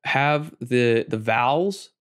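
A man in his twenties talking casually as a podcast co-host and narrator. He explains things slowly and thoughtfully, with some stops and restarts. His voice is mid-pitched. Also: expressive, fairly bright tone, clear, resonant tone. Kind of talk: casual chat.

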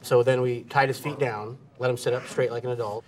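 Fast-talking male police officer. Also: medium pitch, fairly even intonation, a crowd in the background. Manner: matter-of-fact account. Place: jail booking area.

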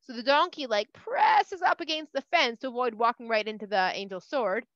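A woman's voice: on the high side, sing-song, normal speed, fairly bright tone, no room sound. A woman casually retelling a scripture story for kids, chatty and full of "like", in a dull, dry recording. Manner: chatty, uses "like" a lot.

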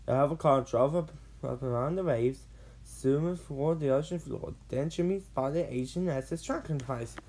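A woman narrating a children's storybook read-along with expressive, dramatic delivery. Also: very deep voice, moderate pace.

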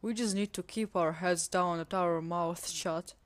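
A cautious, worried housemaid speaks in careful, slightly broken English with a put-on Spanish accent, as a woman reads her out. The voice sits a little low for a woman. She sounds like a game character read aloud by one performer. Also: fairly even intonation, unhurried, lightly acted. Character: harried adult female housemaid, worried and cautious. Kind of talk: reading a visual novel game aloud.

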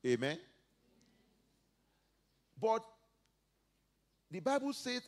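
A male pastor preaching a sermon, dropping to soft asides and rising to loud emphatic peaks as he reads and acts out scripture. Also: a little high, animated, normal speed, long pauses. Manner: preaches verse by verse, acting out biblical speakers.

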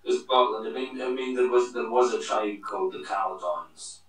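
Halting man in an echoey room. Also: mid-range voice, fairly bright tone. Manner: halting, searching for words. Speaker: guest in a poetry discussion. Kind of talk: casual discussion. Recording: very echoey, distant mic, faint music.

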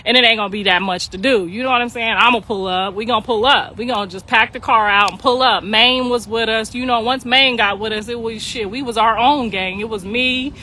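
Animated, slangy middle-aged woman storyteller. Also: on the high side, fairly quick, hardly any pauses, slight background noise. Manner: animated, laughing, slangy, acts out voices. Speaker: storyteller, mother. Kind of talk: casual storytelling monologue.

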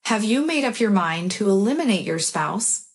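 A woman's voice: mid-range voice, animated, moderate pace, natural voice. A woman reading as a shrewd, cold witch. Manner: cool, warning. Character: shrewd, sinister older female witch.

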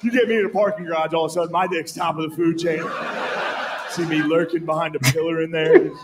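A man's voice: fairly high pitch, fast talker. Crude, laid-back male stand-up comic. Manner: laid-back, crude, self-mocking delivery. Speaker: stand-up comedian. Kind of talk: stand-up set. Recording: live set with steady background noise.

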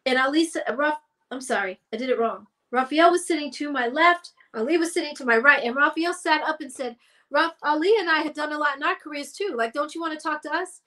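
A woman with a high, bright voice tells stories in a relaxed interview. She is animated and slips into the voices of the people she quotes. Her tone stays sharp and forward. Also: brisk. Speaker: guest singer. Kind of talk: casual storytelling interview.

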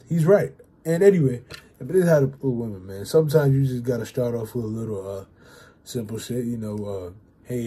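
Young male vlogger, husky and warm-toned, casual and rambling, swears freely, fills gaps with "uh" and "you know". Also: medium pitch. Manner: loose and rambling, heavy fillers and swearing. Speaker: YouTuber giving dating advice.

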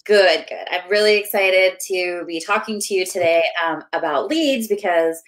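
Enthusiastic low-voiced woman host. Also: moderate pace, rough recording. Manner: warm, enthusiastic, many fillers. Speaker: host, business finance coach. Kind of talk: hosting a members' webinar interview.

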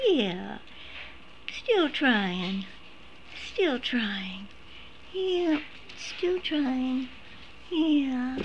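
Slow, bright-voiced woman cooing at puppies. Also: sits high, a little hiss or hum. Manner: coos in baby talk to puppies. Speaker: service dog puppy caretaker streaming a litter. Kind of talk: casual live stream chat. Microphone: phone.

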